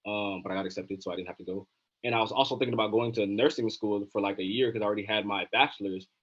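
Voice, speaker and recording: A young man in his twenties, a physician assistant student, telling his story in a relaxed, casual interview with many fillers. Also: lowish voice, fast, husky. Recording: dull lo-fi sound.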